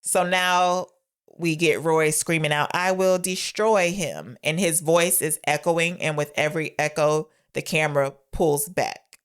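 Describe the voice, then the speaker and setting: A woman's voice: deep voice, little pitch movement, unhurried, smooth. A young woman co-hosting a casual movie podcast, retelling scenes and acting out the characters' lines. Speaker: podcast co-host. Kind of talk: casual movie review chat.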